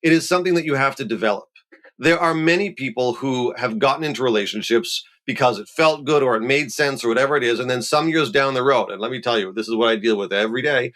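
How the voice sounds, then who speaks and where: A middle-aged rabbi from Montreal talks things through in an easy conversational tone. His voice sits at an ordinary middle pitch, and he keeps it lively with playful asides. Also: fast. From Montreal, Canada. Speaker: rabbi, guest. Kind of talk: conversational explanation.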